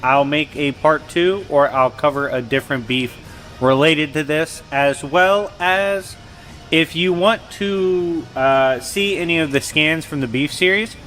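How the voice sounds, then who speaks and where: Male host recapping comics in loose slang, bright edgy tone, a touch higher pitched. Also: a little slow, soft background music. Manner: slangy, animated retelling of dialogue. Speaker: comic book channel host.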